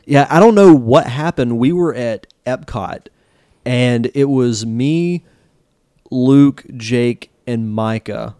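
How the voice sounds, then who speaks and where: A man's voice: mid-range voice, slow, dark tone, no room sound, studio quality. A young man co-hosting a podcast, casually recounting a memory and laughing along. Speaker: podcast co-host. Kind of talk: casual chat.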